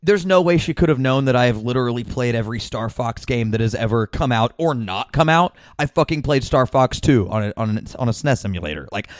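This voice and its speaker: A man's voice: medium pitch, lively intonation, a little fast, few pauses, no room sound, clean studio sound. A man hosting a podcast in casual chat, rambling with many fillers, restarts and the odd swear word. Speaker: podcast host.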